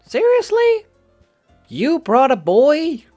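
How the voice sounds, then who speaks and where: A man doing a snippy high teen girl. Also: huge pitch swings, takes it slowly, dark tone, faint music behind, exaggerated voice. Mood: incredulous. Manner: pushy and snippy. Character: snappy, sour teenage girl from a game.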